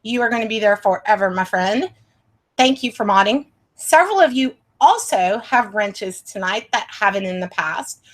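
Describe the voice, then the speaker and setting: A woman's voice: medium pitch, lively intonation, moderate pace. A woman hosting a paranormal livestream from her home setup, chatty and easily sidetracked as she reads names from the chat.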